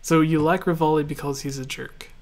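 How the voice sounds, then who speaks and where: A man from Canada hosting a casual gaming podcast, relaxed and laughing often as he reads listener questions. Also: on the high side, a little fast, a little hiss or hum. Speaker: podcast host.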